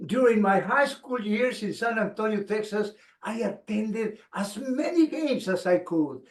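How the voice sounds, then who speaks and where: A man, giving an expressive motivational speech with dramatic pauses. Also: sits high. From Mexico. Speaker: speaker. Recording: echoey room.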